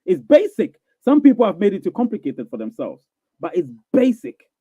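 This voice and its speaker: A man's voice: sits high, huge pitch swings, moderate pace, warm tone, breathy edge, no echo. A man hosting a live question-and-answer stream, reading viewer comments and answering in an emphatic, repetitive way, often asking if listeners follow him. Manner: emphatic, repeats phrases, asks "you get what I'm saying?". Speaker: live Q&A show host. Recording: thin phone-like audio.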